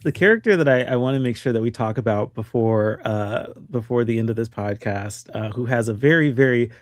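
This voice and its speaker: A man's voice: mid-range voice, brisk, no echo, studio quality. A man hosting a casual film podcast, hesitant and full of ums and restarts as he steers the talk. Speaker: podcast host.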